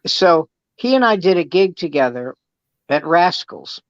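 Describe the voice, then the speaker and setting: A man's voice: fairly high pitch, sing-song, unhurried, no echo. A man, a guest comedian, telling jokes and stories in a wisecracking way on a casual podcast. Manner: wisecracking storyteller. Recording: dry, dull lo-fi sound.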